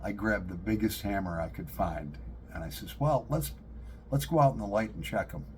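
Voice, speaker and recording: A man's voice: on the low side, moderate pace, a little hiss or hum. Joking man telling stories. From upstate New York. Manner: animated, joking, laughs at his own stories. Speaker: pipe-smoking vlogger. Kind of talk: casual storytelling to camera.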